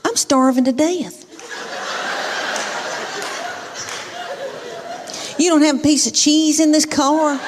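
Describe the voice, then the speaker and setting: A woman's voice: high voice, fairly even intonation, normal speed, background noise, voice pushed up, close to an everyday voice. A Southern US woman voicing her bratty eleven-year-old daughter in a whiny, demanding tone.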